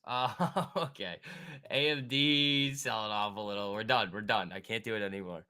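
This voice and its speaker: A man's voice: on the low side, a little fast, pushed and bright. A man hosting a live stock market stream, chatting casually, joking and reacting to viewers and charts. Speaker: stock trading livestream host.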